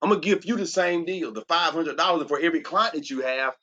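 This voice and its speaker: Emphatic coach type, man, a bit high-voiced, churchy sales pitch, muffled lo-fi recording. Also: fast talker, pushed and bright. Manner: preachy, emphatic, repeats "watch this". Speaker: transformational coach. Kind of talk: solar sales presentation.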